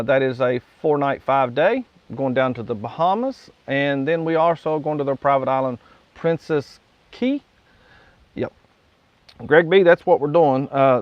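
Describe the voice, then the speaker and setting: A man's voice: medium pitch, no room sound. Live-stream host, man, West Virginian accent, folksy rambling chat, dry slightly muffled audio. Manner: rambling and folksy, reads viewer comments aloud and chuckles often.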